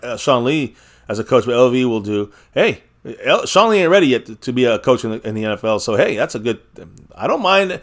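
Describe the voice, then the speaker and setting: Chatty man hosting a fan live stream. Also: mid-range voice. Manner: chatty, reads viewer comments aloud, energetic. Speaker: fan livestream host. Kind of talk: casual live-stream commentary.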